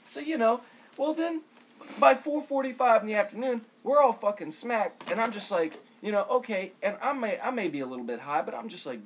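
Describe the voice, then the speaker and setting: Young male co-host, crude casual talk, halting and rambling, pitch a touch high. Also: animated, slight background noise, rough recording. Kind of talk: casual profane chat.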